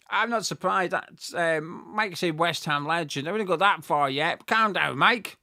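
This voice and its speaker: A man giving live fan commentary on a football match, excitable and swearing freely, bursting into shouts at big moments. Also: fairly high pitch, measured pace, hardly any pauses, no echo, studio quality.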